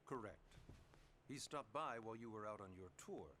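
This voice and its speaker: A man's voice: lowish voice, expressive, normal speed, a little hiss or hum. An actor playing a polite, persuasive male official in a video game who coaxes people into agreeing. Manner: polite, coaxing, quietly manipulative. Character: smooth-talking male official, persuasive and sly.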